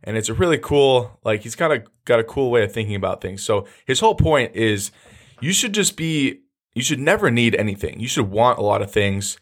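A man's voice: mid-range voice, lively intonation, brisk. A young man hosting a casual podcast monologue, blunt and profane, talking loosely with many restarts. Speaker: podcast host.

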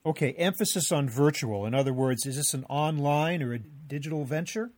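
A man hosting an interview podcast, reading a scripted introduction and then asking guests measured questions. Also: fairly high pitch, darkish tone, dry recording. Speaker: podcast host.

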